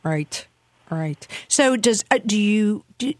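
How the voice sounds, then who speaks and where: A woman hosts a radio interview and speaks hesitantly, often restarting with "um." Her voice sits at a middle pitch, and the recording is dry and close. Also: lively intonation, slow pace, no room sound. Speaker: talk show host.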